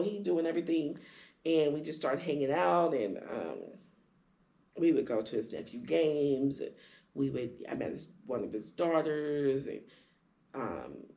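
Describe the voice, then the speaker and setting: A woman candidly telling her own story in conversation, acting out quoted lines with sudden jumps in pitch. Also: mellow. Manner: acts out quoted dialogue with big pitch jumps. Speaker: guest sharing her story.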